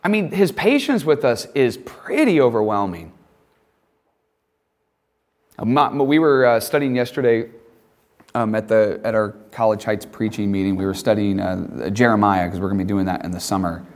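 A man preaching a casual, conversational sermon in an emphatic, animated way. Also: fairly low pitch, normal speed.

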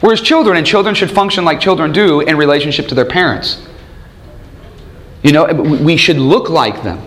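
A man's voice: fairly high pitch, normal speed, a bit bright. A man in his thirties leading a church study group, teaching with many rhetorical questions and frequent chuckles. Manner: chuckles often while telling stories.

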